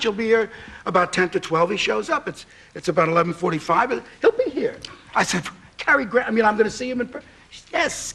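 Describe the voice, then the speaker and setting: A man's voice: very high voice, vocal fry, fairly bright tone, slightly rough. A man, telling a comic anecdote as a talk show guest and acting out both sides of the dialogue. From Brooklyn, New York. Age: 60s. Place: TV studio.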